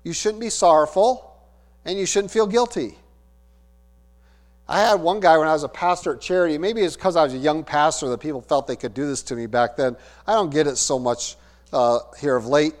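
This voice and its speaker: A man's voice: fairly high pitch, a little fast. A middle-aged man preaching a sermon as pastor, emphatic and conversational, asking the congregation rhetorical questions. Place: church sanctuary. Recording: long hall reverb with mains hum.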